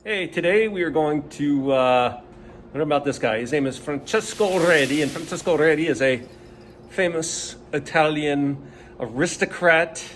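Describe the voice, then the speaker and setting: A jokey man teaching a casual video lesson, fairly high voice, light background noise. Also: unhurried, a bit bright. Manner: jokey and rambling, many fillers.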